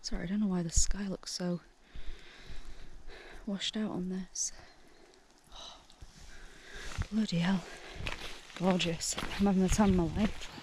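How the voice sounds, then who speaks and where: A young woman, the hiking vlogger, talking casually to her handheld camera on a misty woodland trail outdoors, gushing and excitable, often laughing and dropping to hushed murmurs. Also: lowish voice, measured pace, pauses often, slight background noise. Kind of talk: casual vlog narration while hiking.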